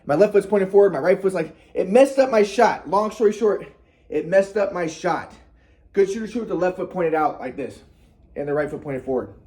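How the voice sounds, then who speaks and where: High-pitched guy rambling on about his past, repeats himself a lot, swears. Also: a little fast, mellow. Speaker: vlogger telling a personal story. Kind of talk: casual monologue.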